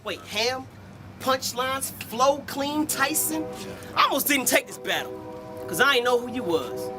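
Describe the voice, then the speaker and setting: A man's voice: very high voice, big pitch swings, moderate pace, loud music behind the voice. A man performing Christian battle rap live before an audience, with a rhythmic, preachy, punchline-driven delivery. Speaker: battle rapper.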